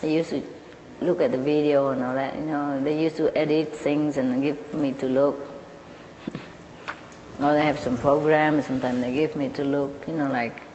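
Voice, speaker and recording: A woman's voice: deep voice, flat delivery, normal speed, dark tone, in a large hall, lo-fi sound, slight background noise. A woman casually telling an anecdote in a chatty way, laughing often and restarting her phrases.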